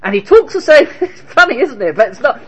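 A man giving an animated Torah lecture, firing rhetorical questions and telling stories. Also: extremely high pitch, a little fast, dull audio. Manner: animated, rhetorical questions, Hebrew terms woven in. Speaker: Torah teacher.

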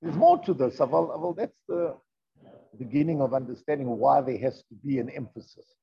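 A man's voice: mid-range voice, a little fast, vocal fry, husky. A man teaching a Torah lesson, explaining in a conversational way, asking rhetorical questions and mixing in Hebrew terms. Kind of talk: classroom lesson with text reading. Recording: dull lo-fi recording.

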